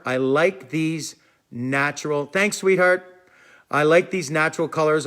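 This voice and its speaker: A man's voice: fairly high pitch, a bit bright. Chatty man hosting a fishing stream. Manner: rambling, chatty, repeats "I'm telling you". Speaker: fishing live stream host. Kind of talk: casual live stream chat, answering viewers.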